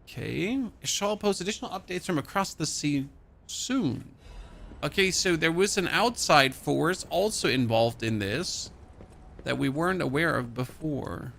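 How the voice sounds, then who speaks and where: A man's voice: a little high, lively intonation, unhurried, vocal fry, fairly bright tone, slight background noise. A young man from Germany with a light German accent, casually commenting while playing a game and reading item notes aloud. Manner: chatty, reads in-game notes aloud, jumpy outbursts. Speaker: streamer. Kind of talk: gaming livestream commentary.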